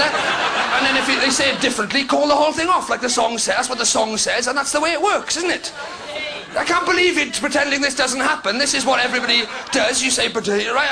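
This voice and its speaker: A Welsh man doing a stand-up set on a club stage, chatting and teasing the crowd with sudden loud outbursts. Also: very high-pitched. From Wales. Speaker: stand-up comedian. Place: comedy club stage before a live audience. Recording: noisy live club recording.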